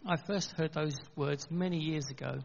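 Gravelly man preaching in a church. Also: fairly high pitch, a little hiss or hum. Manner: earnest, conversational with halting restarts. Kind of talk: sermon. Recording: dull, long reverb in a church hall.

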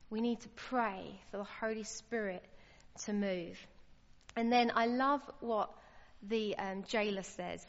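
A woman preaching a sermon, earnest and emphatic, her voice rising when she stresses a point. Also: a little high. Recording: lo-fi with long hall reverb.

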